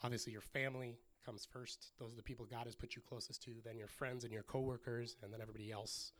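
A man's voice: medium pitch, steady tone, fast talker, a bit bright. A man preaching a sermon, telling the story with energy and acting out the voices of the people in it. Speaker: pastor.

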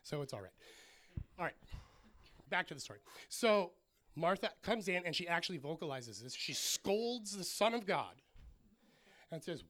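A man's voice: high voice, big pitch swings, normal speed, long pauses, a bit bright. A man preaching a sermon, telling the story with energy and acting out the voices of the people in it. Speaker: pastor.

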